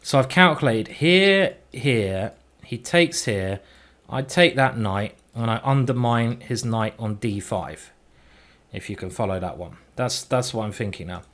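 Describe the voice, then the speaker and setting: Male chess streamer, chatty self-talk, mid pitch, a little sweary. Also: a little slow, fairly bright tone. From England. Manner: chatty, thinking aloud, mildly sweary. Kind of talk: live game commentary.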